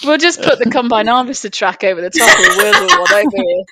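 A woman's voice: on the high side, lively intonation, quick pace, very noisy. A woman co-hosting a casual podcast chat, trading wry, teasing banter. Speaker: podcast co-host.

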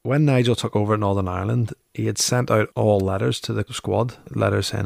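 Gravelly-voiced former keeper telling stories. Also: male voice, on the low side, fast talker, hardly any pauses, a little mellow, dry recording. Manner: chatty, anecdotal, repeats phrases. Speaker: former goalkeeper, interview guest. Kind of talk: casual storytelling interview.

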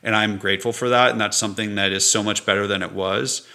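A man's voice: fairly low pitch, steady tone, fast talker, vocal fry, bright, forceful tone. A middle-aged entrepreneur speaking candidly and reflectively as a guest in an interview, sometimes laughing as he tells his stories. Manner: earnest, reflective, laughs while telling stories.

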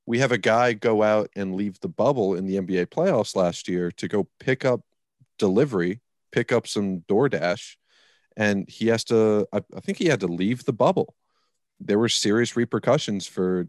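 A man's voice: deep voice, darkish tone, no room sound, studio quality. A man co-hosting a casual sports podcast, talking in a rambling, emphatic way. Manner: rambling, emphatic, swears when worked up. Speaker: podcast co-host.

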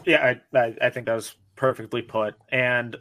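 A man's voice: medium pitch, steady tone, normal speed, a bit bright. A man hosting a sports podcast, putting long, layered questions to his guests. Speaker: podcast host.

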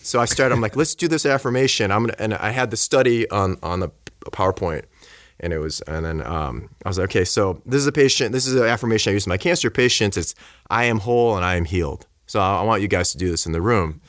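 Animated man telling a story. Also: on the low side, fast talker, no room sound, studio quality. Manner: animated, acts out quoted voices. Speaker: guest speaker. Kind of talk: casual storytelling.

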